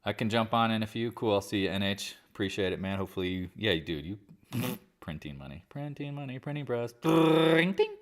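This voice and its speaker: A man's voice: on the low side, brisk. A man hosting a casual live market chat, talking in a blunt, rambling and exasperated way. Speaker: market commentary host.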